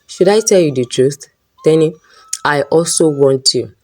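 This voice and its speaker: A woman's voice: sits low, lively intonation, unhurried, dark tone. A woman voicing a teasing young male student in a storybook reading.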